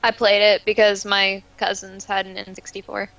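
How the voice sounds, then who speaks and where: A woman's voice: medium pitch, completely flat delivery, moderate pace, fairly bright tone, muffled recording. A woman chatting on a casual online call, giving short, joking replies.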